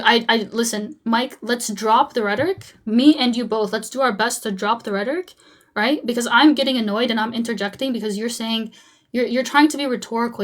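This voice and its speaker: Forceful young woman hosting a debate. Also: a little high. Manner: talks over the other side, repeating short commands; frank, talks straight to viewers. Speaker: host and debater. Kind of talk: heated live-streamed debate, then chatting to viewers.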